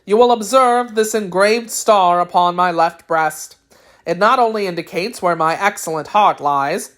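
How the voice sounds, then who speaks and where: A woman's voice: medium pitch, close to an everyday voice. A woman doing a courtly kindly tin emperor. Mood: dignified. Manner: warm, effusive, courtly.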